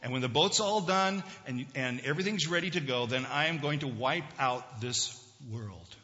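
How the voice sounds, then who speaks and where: An exasperated, fed-up God, as a man preaching puts him on, in a forceful, bright voice. The sound is dull and lo-fi with a long church reverb. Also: medium pitch, normal speed, lightly acted. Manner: exasperated, complaining. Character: exasperated God, weary of his people. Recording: dull lo-fi recording in a reverberant hall.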